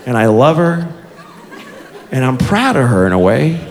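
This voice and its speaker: A man in his forties doing stand-up, telling a story in a profane, self-mocking, animated way. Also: mid-range voice, a little slow, in a large hall. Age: 40s. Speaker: stand-up comedian. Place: comedy club stage with audience. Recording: live club room with crowd and noise.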